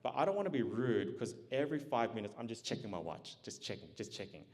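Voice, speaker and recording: A man giving a motivational keynote, telling a personal story with lively acted-out dialogue and frequent laughs. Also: mid-range voice, fast. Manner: animated, acts out dialogue, laughs often. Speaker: keynote speaker. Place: large event hall. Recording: long hall reverb.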